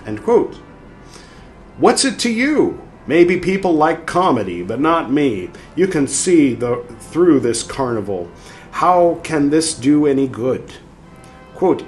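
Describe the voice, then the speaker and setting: A man's voice: a little high, very animated, takes it slowly. A man hosting a show, reading a text aloud with a theatrical delivery and adding his own commentary. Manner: dramatic, theatrical reading of quotes. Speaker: host. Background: faint background music.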